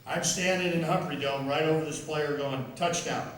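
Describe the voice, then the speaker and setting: Here an older man, guest speaker and football official, tells self-amused after-dinner stories, often repeating words, in a large members' dining room. His voice is a little high and a bit bright, with a steady tone and moderate pace. The hall is echoey, he sounds distant, and there's a little hiss or hum.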